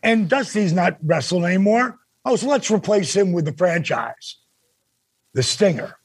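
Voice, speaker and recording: An older man, a former wrestler, telling stories as a guest on a casual podcast. He is animated and swears freely. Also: sits high, moderate pace, husky, dry recording. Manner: animated, swears freely, acts out quoted dialogue.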